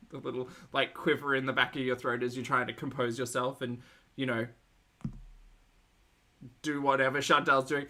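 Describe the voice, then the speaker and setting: A woman's voice: rumbling low, level tone, slow pace, long pauses, sharp tone. A woman streamer casually commenting on a video, chatty and sarcastic, swearing and laughing often. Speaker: reaction streamer.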